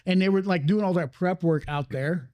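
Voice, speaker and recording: A man's voice: high voice, moderate pace, warm tone, no room sound. A man hosting a podcast in casual chat, rambling and swearing freely as he talks. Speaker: podcast host. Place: cigar lounge.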